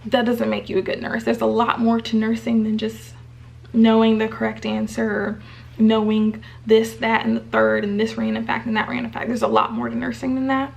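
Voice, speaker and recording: A woman's voice: a little high, gravelly. A young woman in her twenties, a nurse vlogger chatting casually to her viewers in a bubbly, encouraging way. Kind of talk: casual chat to camera.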